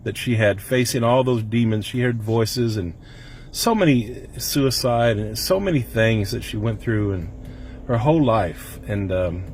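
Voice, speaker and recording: A man's voice: on the low side, a little slow, darkish tone, a little hiss or hum. A middle-aged man talking to camera in a personal vlog, earnest and rambling, fighting back tears as he speaks. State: emotional, holding back tears. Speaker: vlogger. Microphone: camera mic.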